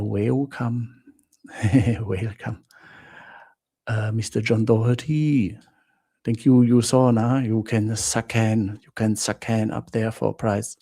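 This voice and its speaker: A man's voice: mid-range voice, vocal fry, dark tone, breathy edge. A man hosting a travel live stream, chatting with viewers in simple non-native English, greeting them by name and laughing often. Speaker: travel channel host.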